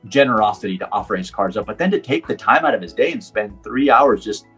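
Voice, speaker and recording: A middle-aged professional driver from Puerto Rico tells a personal story in an interview, his fairly low, slightly rough voice moving quickly over soft background music. He's an animated storyteller who acts out the quoted dialogue.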